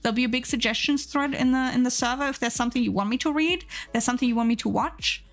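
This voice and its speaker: A woman streams herself drawing live and chats casually as she works, rambling with plenty of filler words. Her voice is fairly high and she talks fast.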